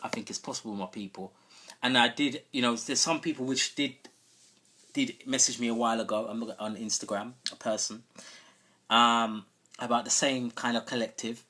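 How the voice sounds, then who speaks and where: Bright and forceful, this man's mid-range voice stays fairly even in intonation at a moderate pace. He hosts a sound system live stream, relating a long story in a relaxed way and frequently checking in with listeners.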